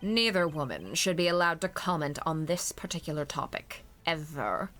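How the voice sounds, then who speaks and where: A woman's voice: sits low, very animated, moderate pace, a bit bright. A woman reading the lines of a formal, aloof male prosecutor in a dry tone from a game. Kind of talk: reading game dialogue aloud.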